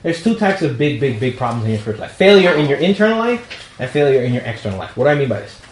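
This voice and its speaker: A male priest speaks to a young adult group in a relaxed, conversational way. He jokes and slips into quoted back-and-forth exchanges. His voice rings around an echoey room over a faint hiss of background noise. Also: mid-range voice, quick pace. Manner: conversational and humorous, acts out quoted dialogue. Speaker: priest leading a young adult ministry meeting.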